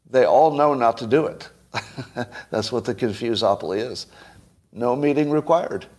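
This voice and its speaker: A man hosting a solo commentary monologue, blunt, sarcastic and emphatic. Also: medium pitch. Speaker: host.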